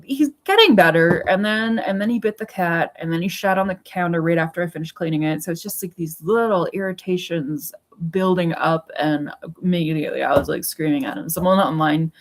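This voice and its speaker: A woman in her forties talks straight to camera from home in a loose, rambling monologue. Her voice sits a little low, and she is blunt, cursing freely as she goes. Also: fairly quick, poor audio. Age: 40s. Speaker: vlogger. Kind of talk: casual personal monologue. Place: home with pets.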